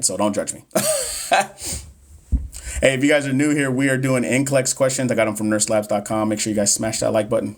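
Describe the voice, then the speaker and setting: A man in his thirties coaching nursing exam questions on a casual live stream. He jokes with viewers, talks right to them and stumbles over long medical terms. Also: mid-range voice. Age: 30s.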